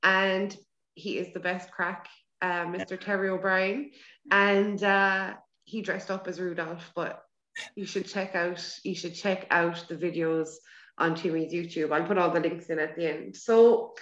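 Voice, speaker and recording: A woman's voice: on the low side, steady tone, measured pace, a bit bright. An Irish woman hosting a podcast interview, enthusiastic and encouraging toward her guest. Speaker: podcast host. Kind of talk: casual interview chat. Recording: dull echoey room sound.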